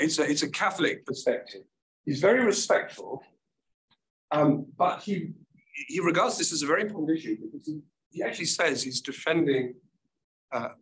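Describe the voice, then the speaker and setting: An older man giving an academic keynote lecture, his voice croaky and gravelly, speaking thoughtfully with hesitant restarts. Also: medium pitch, low-quality recording.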